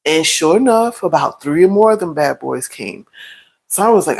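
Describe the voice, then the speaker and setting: Brief: middle-aged woman vlogger, low voice, animated casual storytelling. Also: normal speed, poor audio. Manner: animated storytelling with playful exclamations. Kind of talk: casual storytelling while cooking.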